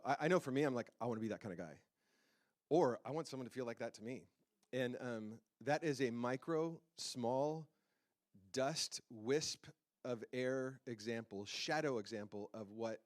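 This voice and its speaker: Speaking into a handheld mic in a church sanctuary, a medium-pitched male pastor gives a casual, conversational sermon. He's playful and chatty, frequently asking the congregation questions.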